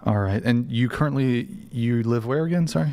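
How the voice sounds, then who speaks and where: A man with a mid-range voice hosts a panel, moving briskly from guest to guest with short prompts. His tone is practical and steering. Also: medium pitch, warm tone. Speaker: host. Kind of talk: panel show hosting.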